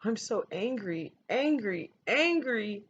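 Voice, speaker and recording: A small upset boy from a storybook, high-voiced and pleading like a child, as a woman reading aloud puts him on. The sound is dull and lo-fi with faint hiss. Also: sing-song, a little slow. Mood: angry. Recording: dull lo-fi recording, faint noise.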